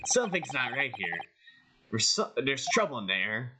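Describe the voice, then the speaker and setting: A man's voice: medium pitch, normal speed, noisy background. A young man casually commentating a game he plays, rambling and swearing. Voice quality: rambling, profane, excitable. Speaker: let's play streamer.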